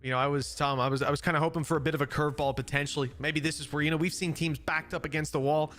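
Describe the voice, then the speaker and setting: A man hosting an esports broadcast desk, leading segments smoothly and handing over to the casters. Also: on the high side, flat delivery, racing, fairly bright tone, faint music behind. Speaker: studio host.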